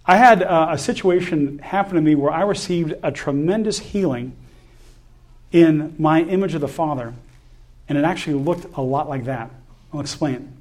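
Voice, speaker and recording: A man preaching a sermon, telling a personal story in an animated way and laughing between lines. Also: a little high, moderate pace.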